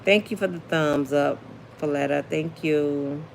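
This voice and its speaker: Deep, creaky, and a little slow, this woman's voice comes with a faint hiss or hum. She hosts a celebrity gossip livestream in a casual, chatty, sassy way, reading viewer comments aloud.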